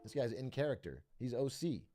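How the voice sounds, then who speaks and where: Young male streamer, expressive pitch, loose profane chatter. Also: fairly quick, faint music behind. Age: young adult. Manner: rambling, profane, laughs often. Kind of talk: casual stream chat.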